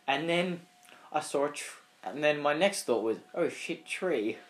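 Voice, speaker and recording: A man's voice: a little high, expressive, moderate pace. A young Australian man co-hosting a podcast, telling rambling stories in casual chat and acting out other people's voices. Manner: rambling storyteller, acts out voices. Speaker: podcast co-host.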